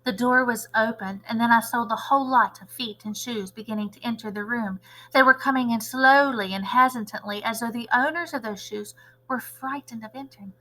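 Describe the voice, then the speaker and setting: A woman teacher reading a children's novel aloud in an expressive, animated way. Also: on the high side, a little fast, rough recording. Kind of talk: storybook read-aloud narration.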